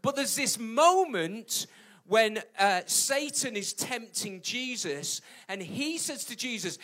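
High-voiced British preacher, emphatic. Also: male voice, expressive, slow pace, pushed and bright. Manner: emphatic, repeats key points, jokey asides. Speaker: pastor. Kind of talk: sermon.

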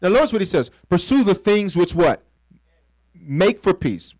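A man's voice: high voice, very animated, moderate pace, a little mellow, no room sound, poor audio. A pastor preaching a sermon in a conversational, playful way, calling on the congregation to finish his lines and acting out little scenes. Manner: call-and-response preaching, asks the congregation to fill in words.

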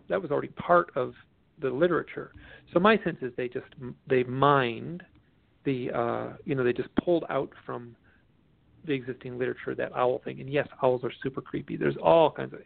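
A man, a guest author, telling stories in a casual interview, animated and often restarting his sentences, heard over a phone line. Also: medium pitch, vocal fry, dry recording. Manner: animated storyteller, restarts a lot. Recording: tinny dry phone line.

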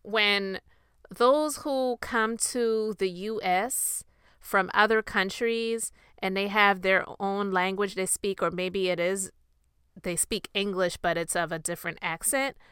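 Woman commentary host, crisp voice, opinionated, dry studio sound. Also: mid-range voice, fairly even intonation, slow, a bit bright, dry recording. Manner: chatty, opinionated, emphatic. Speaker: podcast host. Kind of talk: casual commentary.

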